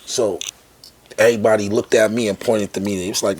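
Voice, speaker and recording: Low-voiced New York man telling stories. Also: brisk, a little hiss or hum. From Harlem, New York. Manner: animated, acts out quoted people with raised voice. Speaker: podcast guest. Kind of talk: casual storytelling.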